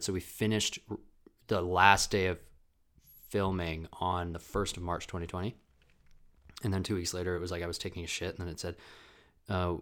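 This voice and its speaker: Young man, lowish voice, solo home podcast, rambling, profane, self-mocking. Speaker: podcast host. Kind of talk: casual solo podcast monologue. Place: home room with a ring light. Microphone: camera mic.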